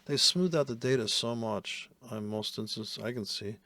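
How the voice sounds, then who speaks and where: A man's voice: lowish voice, normal speed, sharp tone. A man giving casual, profane and sarcastic commentary while trading live.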